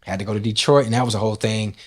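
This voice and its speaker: A man from Nashville with a fairly low voice talks casually in an interview, loose and profane. He tells long stories and acts out the lines of the people in them. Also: rapid-fire, slightly rough. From Nashville, Tennessee. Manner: loose, profane, animated storytelling with acted-out quotes. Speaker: guest, rap and R&B artist.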